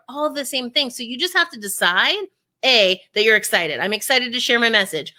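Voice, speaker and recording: Energetic lady coach, sharp bright tone, kinda high, acts out voices. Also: moderate pace. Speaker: guest speaking coach. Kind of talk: interview, explaining techniques.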